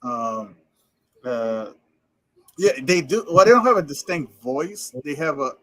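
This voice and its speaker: Fast-talking man in casual chat. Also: fairly high pitch, very animated, a bit bright, dry recording, low-quality recording. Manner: fast, run-together speech, laughs often. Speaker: podcast co-host.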